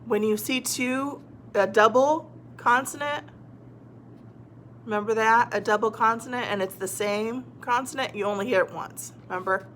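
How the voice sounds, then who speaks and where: A woman's voice: mid-range voice, moderate pace, fairly bright tone, a little hiss or hum. A woman teaching a phonics lesson to young children, patiently sounding words out and cheering them on. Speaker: reading teacher.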